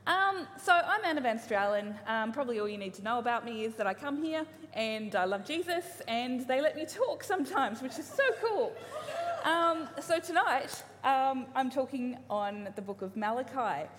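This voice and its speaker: A woman's voice: high voice, animated, moderate pace, fairly bright tone, a little hiss or hum. A woman in her thirties giving a casual, humorous sermon to a church congregation, chatty, with frequent ums and restarts. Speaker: preacher. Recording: live church hall reverb, faint ambience.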